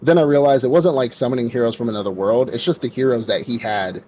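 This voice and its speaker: A man's voice: medium pitch, fast, dark tone, slight background noise. A man co-hosting a podcast, recapping an anime episode in a rambling, casual way and acting out the characters' lines with lots of "like" and "bro". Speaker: podcast co-host.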